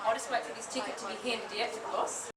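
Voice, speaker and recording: High-voiced woman running a party quiz. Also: fast. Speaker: quiz host at a dinner. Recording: distant echoey hall mic with crowd noise.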